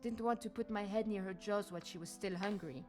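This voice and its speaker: An actress playing an anxious young maid who pleads and defends herself, in a game. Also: female voice, mid-range voice, a little fast, a little mellow, faint music behind, natural voice. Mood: defensive.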